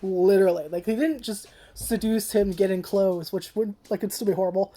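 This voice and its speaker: Speaking into a camera microphone, a woman delivers a casual anime review that rambles, swears, and leans heavily on "like," getting emotional and sometimes tearful. Her voice is medium-pitched and warm, with a steady tone at normal speed.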